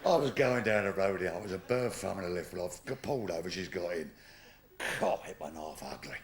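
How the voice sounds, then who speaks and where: A middle-aged comic with a low voice and brisk delivery works a live audience, which laughs along. His stand-up routine is crude and punchy, heavy on profanity.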